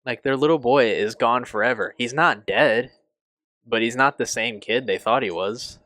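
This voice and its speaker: A young man reviewing a TV show on his channel, emotional and halting, swearing often and restarting his sentences. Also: medium pitch, sharp tone, dry recording. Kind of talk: casual review.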